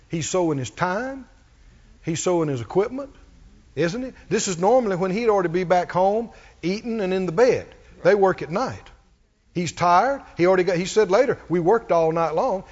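A man's voice: high-pitched, a little mellow. A man preaching a sermon, repeating phrases and calling for responses from the congregation. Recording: dull audio in a reverberant hall.

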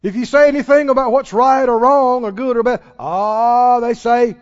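A man preaching a sermon to a congregation, animated and throwing questions back at the listeners. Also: very high voice, moderate pace, few pauses. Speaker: pastor. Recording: dull lo-fi sound with long hall reverb.

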